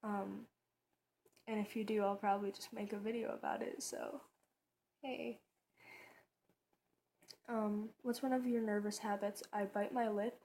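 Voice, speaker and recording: A woman's voice: medium pitch, little pitch movement, unhurried, long pauses, warm tone, slight background noise. A woman vlogger talking casually in her bedroom, rambling and chatty, with lots of fillers and restarts. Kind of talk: casual tag video chat.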